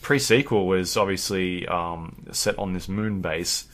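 Low-pitched male podcast co-host, rambling casual delivery. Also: unhurried. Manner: rambling, filler-heavy, animated when telling stories. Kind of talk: casual chat.

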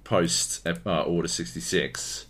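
A man's voice: deep voice, measured pace. An Australian man from Queensland co-hosting a podcast in casual chat, often swearing and ranting. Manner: swears a lot, animated ranting. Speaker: podcast co-host.

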